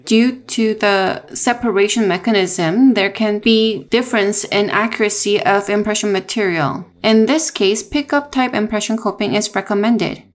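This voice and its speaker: A woman narrating a technical dental lesson in a measured, explanatory way, with small restarts. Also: mid-range voice. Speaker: dental lecturer.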